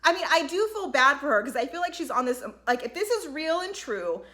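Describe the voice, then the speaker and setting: A woman's voice: high-pitched, sing-song, fairly quick, sharp tone. A woman giving a chatty, casual recap of a reality show, peppered with "like" and "you know". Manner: chatty, lots of "like" and "you know", acts out quotes. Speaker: recap vlogger.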